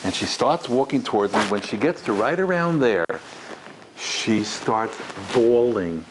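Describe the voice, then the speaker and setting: Middle-aged male lecturer, mid-range voice, animated live storytelling to a room, jumps into character voices. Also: unhurried, a little hiss or hum, poor audio. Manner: animated, acts out the people in his stories with big pitch jumps. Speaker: rabbi giving a lecture. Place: large room in front of an audience.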